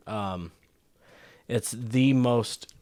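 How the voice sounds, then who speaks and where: A man's voice: medium pitch, extremely slow, a little mellow, no echo, clean studio sound. A man co-hosting a casual movie podcast, explaining film camera work at length with many fillers and restarts. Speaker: podcast co-host.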